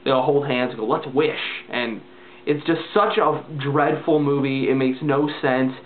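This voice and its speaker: A man's voice: medium pitch, moderate pace, a little hiss or hum. A man casually ranting in a vlog, rambling and exasperated, with lots of filler words. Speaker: vlogger. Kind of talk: casual ranting movie review. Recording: tinny phone-like lo-fi sound.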